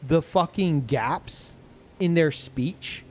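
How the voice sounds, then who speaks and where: A young man streaming games, tired and low on energy, rambling in casual chat with lots of swearing, ums and restarts. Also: very slow. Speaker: game streamer.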